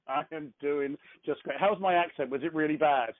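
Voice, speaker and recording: A man's voice: a little high, normal speed. A man hosting a business training conference call, joking and coaching in an upbeat way. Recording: tinny phone line.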